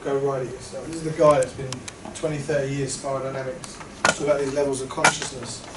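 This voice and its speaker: Guy presenting to a small group, earnest, kinda halting, mic far off, noisy echoey room. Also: medium pitch, level tone. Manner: halting, earnest, trailing off softly. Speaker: workshop presenter. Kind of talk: reflective talk to a group. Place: meeting room.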